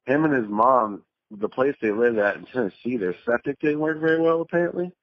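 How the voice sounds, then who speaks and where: A man's voice: mid-range voice, lively intonation, a little fast, no room sound. A man telling rambling, profane stories with laughs as a podcast guest in casual chat. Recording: dull lo-fi remote audio.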